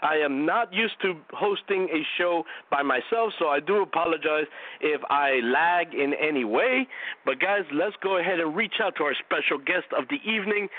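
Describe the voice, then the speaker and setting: Higher-voiced male radio host with a cold. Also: no room sound. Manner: eager, rambling, talks fans through his opinions. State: has a cold, a bit out of breath. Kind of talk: opinionated wrestling radio talk. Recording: tinny phone-like dry line.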